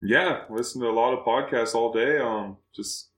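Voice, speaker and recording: A man's voice: mid-range voice, moderate pace, echoey room, poor audio. A man appearing as a guest on a casual podcast, talking in an easygoing, modest way.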